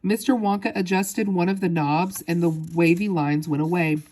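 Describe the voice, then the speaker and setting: Woman audiobook narrator, fairly low voice, steady read of a children's book. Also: moderate pace. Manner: steady storytelling with small slips. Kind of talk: reading a children's novel aloud.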